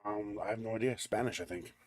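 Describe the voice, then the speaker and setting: A man hosting a live stream, chatting casually and teasing his viewers in a relaxed way. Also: on the low side, fast. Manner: relaxed, teasing banter with chat. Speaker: livestream host. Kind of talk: casual livestream chat.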